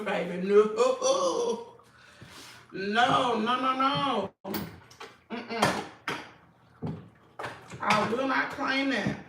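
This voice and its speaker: A hoarse woman with a Southern US accent, chatting to viewers in her home kitchen on a phone livestream. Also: on the high side, sharp tone, a little hiss or hum. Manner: chatty, talks straight to viewers, says y'all a lot. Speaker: livestream host. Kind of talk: casual livestream chat while cooking.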